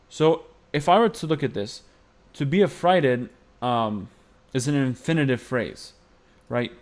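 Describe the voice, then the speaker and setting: A man's voice: mid-range voice, moderate pace. A man teaching Byzantine-style chant phrasing, explaining patiently and singing short phrases to demonstrate. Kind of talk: music lesson with sung demonstrations.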